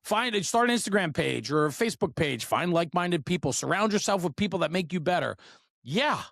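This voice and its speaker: A man's voice: high voice, animated, a little fast, vocal fry, a bit bright, no echo, clean studio sound. A man hosting a fire service podcast, talking bluntly in a fired-up way and swearing freely. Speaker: podcast host. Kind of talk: casual podcast conversation.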